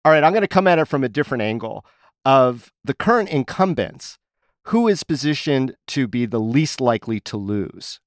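A man's voice: mid-range voice, animated, moderate pace, no echo, clean studio sound. A man hosting a local news podcast, interviewing a guest and reading news and listener messages in a playful, upbeat way. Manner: playful, upbeat host patter. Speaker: podcast host.

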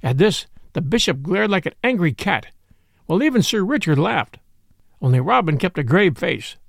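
A man reading a classic adventure tale aloud as narrator, in an expressive storytelling manner. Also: high voice, normal speed, gravelly, no echo, studio quality.

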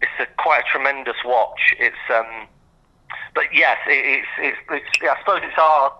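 A man's voice: medium pitch, normal speed, lo-fi sound. A man with an English accent, a podcast guest chatting casually with hesitant, understated dry humor. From England.

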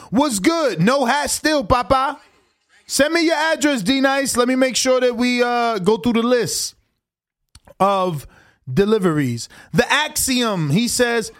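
A man hosting a livestream, reacting to a fight with slangy, excitable commentary. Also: extremely high pitch, a little slow. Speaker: livestream host. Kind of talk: casual live watch-along commentary.

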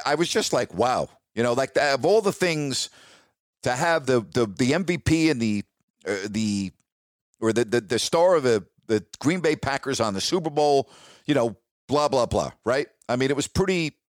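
A man's voice: mid-range voice, no room sound, studio quality. A man who hosts a radio show, telling a story in a chatty, emphatic way and checking in with listeners. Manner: chatty, emphatic, repeats "all right?" to listeners. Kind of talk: casual storytelling.

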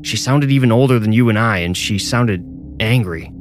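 A man's voice: on the low side, normal speed, music in the background, close to an everyday voice. A man voicing a frightened, deadly serious male mover in a horror story, grim and insistent.

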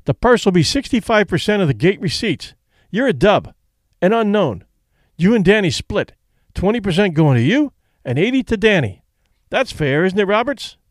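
A man's voice: high voice, big pitch swings, moderate pace, no room sound, clean studio sound, pitched above the performer's own voice. A man doing a pleading fight promoter. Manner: pleading and wheedling.

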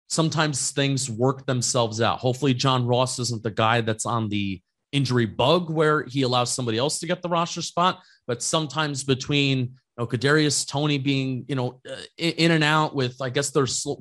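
Man in easygoing sports podcast chat. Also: medium pitch. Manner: agreeable, steady analysis. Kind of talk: casual sports talk.

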